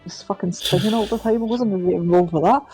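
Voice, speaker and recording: A woman streaming a game with friends, tossing in quick, profane asides between lines. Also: medium pitch, warm tone, breathy edge, soft background music. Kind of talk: casual chat during a game stream.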